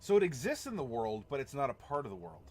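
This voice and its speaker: A man's voice: mid-range voice, wildly swooping pitch, fast talker, a little mellow, a little hiss or hum. A man hosting a tabletop role-playing live stream, chatting casually and rambling with chuckles while reacting to chat. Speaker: stream host.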